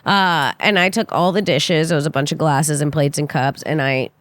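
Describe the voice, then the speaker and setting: Young woman guest on a podcast, animated storyteller, dry close sound. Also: moderate pace, no echo. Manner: animated, acts out quotes with big pitch jumps. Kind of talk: casual storytelling.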